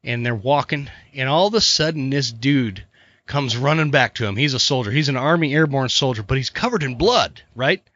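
A middle-aged man hosting a podcast, telling a joke in an animated, stammering way. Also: mid-range voice, normal speed, no room sound. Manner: animated joke-teller, stammers and repeats words. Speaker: podcast host. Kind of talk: casual chat, storytelling. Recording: dull, muffled podcast audio.

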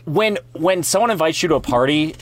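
A man's voice: a little high, animated, fairly quick. A man co-hosting a casual podcast chat, arguing his case and cursing. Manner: argumentative, profane. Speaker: podcast co-host.

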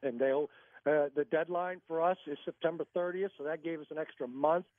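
Animated storyteller on a tinny phone line. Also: male voice, fairly high pitch, brisk, no room sound. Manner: animated storyteller acting out quotes. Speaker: author and guest. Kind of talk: storytelling on a radio call-in.

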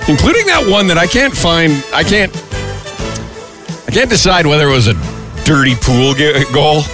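A man co-hosts a morning radio show, teasing and joking with his partners. His voice swoops up and down in lively jumps. A music bed plays behind him. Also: on the high side, normal speed. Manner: playful, teasing, animated. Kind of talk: casual morning radio banter.

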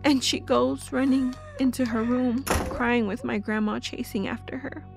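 A woman narrating a first-person horror audio drama, telling it breathlessly with halting restarts. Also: on the high side, fairly even intonation, vocal fry, music in the background. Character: young woman recalling a family horror.

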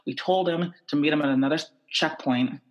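A man's voice: fairly high pitch, a little fast, highs cut off, close to an everyday voice. A man quoting a firm, commanding police officer in a told story, in near his own voice. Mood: stern.

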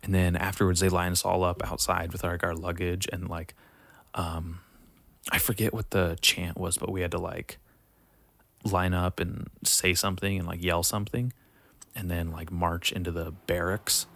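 A young man with a very low voice tells a long, rambling story in casual chat, full of swearing and "like". The sound is dry and close, with almost no room. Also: little pitch movement, moderate pace, vocal fry, fairly bright tone, no room sound. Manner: rambling, profane, laid-back storytelling.

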